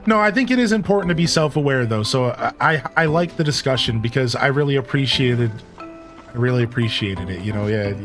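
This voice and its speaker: A man's voice: medium pitch, animated, a little fast, fairly bright tone, faint music behind. A man from Ohio with a Midwestern accent, a streamer chatting playfully with his live chat while he plays, teasing and laughing often. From Ohio, USA.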